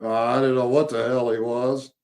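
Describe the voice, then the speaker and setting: Gravelly man telling a rambling story. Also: mid-range voice, little pitch movement, a little mellow. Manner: rambling, halting, full of fillers and restarts. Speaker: witness telling an encounter story. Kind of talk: casual storytelling.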